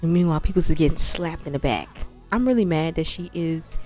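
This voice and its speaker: A young woman who hosts a gaming channel gives casual, slangy let's-play commentary while playing a life-sim game, narrating and voicing her sims. Her low-sitting, darkish voice is animated and fairly quick, and music plays in the background.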